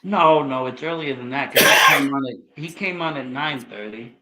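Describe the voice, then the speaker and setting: In a very noisy recording, a man from Massachusetts with a Boston accent co-hosts a casual late-night chat full of joking, profane banter. His voice is medium-pitched and his pace moderate.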